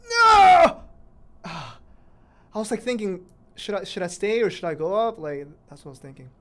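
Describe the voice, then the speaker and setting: A woman's voice: fairly low pitch, lively intonation, a little fast, a little mellow. Chatty woman streamer reacting to gameplay. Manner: chatty, self-interrupting, exclaims at near misses. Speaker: mobile game streamer. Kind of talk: casual live-stream commentary while playing.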